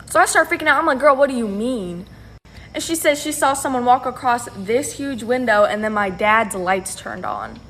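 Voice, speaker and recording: A woman with a fairly high voice tells a personal story in loose, slangy talk. Faint room ambience sits behind her. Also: sing-song, moderate pace, a bit bright, a little hiss or hum. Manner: slangy, chatty. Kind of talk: casual storytime.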